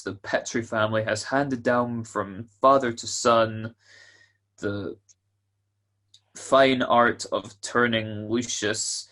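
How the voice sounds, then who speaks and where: An actor playing a jovial male announcer of an old-time radio show, with a husky voice and folksy, salesman-like patter. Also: mid-range voice, a bit bright. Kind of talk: 1940s radio acting.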